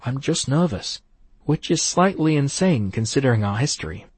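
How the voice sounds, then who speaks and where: A man's voice: medium pitch, expressive, normal speed, slightly rough, no room sound, voice pushed up. A man reading an audiobook, voicing a playful, slightly nervous young woman in a light, teasing way. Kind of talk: audiobook character voice.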